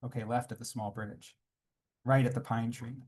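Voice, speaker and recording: A man reading aloud from his own graphic memoir at a conference panel, quiet and reflective, with small asides to the audience. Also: medium pitch, flat delivery, normal speed. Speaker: comics artist reading his work at a panel.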